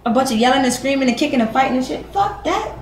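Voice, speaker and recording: Talking fast and animatedly in a high voice, a woman offers her niece frank, profanity-laced advice, voicing both parties in every dispute she describes. It's an informal advice conversation, recorded in an echoey room with a light hum underneath.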